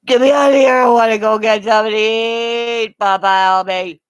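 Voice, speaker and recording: A woman's voice: fairly high pitch, fairly even intonation, moderate pace, smooth, dry recording, pitched above the performer's own voice, natural voice. A woman voicing her whiny hungry mastiff. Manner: whiny, pleading. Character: hungry impatient big male mastiff dog.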